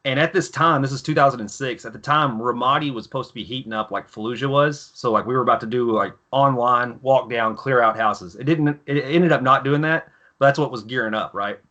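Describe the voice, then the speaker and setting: A man in his thirties, a former Marine guest, telling profane, animated stories in casual podcast chat. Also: medium pitch, brisk, muffled recording.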